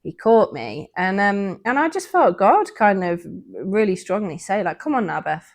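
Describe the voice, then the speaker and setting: A woman's voice: medium pitch, big pitch swings, a little slow. A woman, co-hosting a podcast and earnestly recounting a personal faith story in a casual, reflective way. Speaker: podcast co-host.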